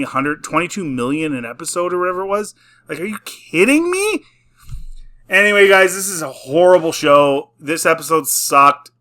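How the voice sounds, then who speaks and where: A man's voice: fairly high pitch, sharp tone. A young man ranting casually about a show he reviews, exasperated and sarcastic, with lots of fillers. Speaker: YouTube reviewer.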